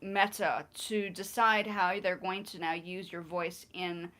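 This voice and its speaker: A woman hosting a casual livestream, playful and quick to laugh, coaching someone on pronunciation. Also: lowish voice, fairly even intonation, a bit bright. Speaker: livestream host.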